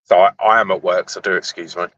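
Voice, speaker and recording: A man's voice: sits low, flat delivery, quick pace, fairly bright tone, dry recording. Man on dull lo-fi call. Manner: laid-back, storytelling, says mate a lot. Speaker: caller on a live stream. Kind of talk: casual chat. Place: at work in a warehouse. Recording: dull dry lo-fi call audio.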